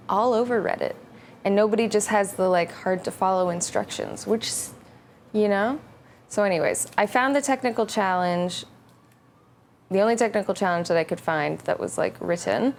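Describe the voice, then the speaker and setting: A woman's voice: mid-range voice, creaky, a little hiss or hum. A woman in her twenties chatting casually to camera as a vlogger, rambling and poking fun at herself. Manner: rambling, self-mocking. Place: home bakery tent.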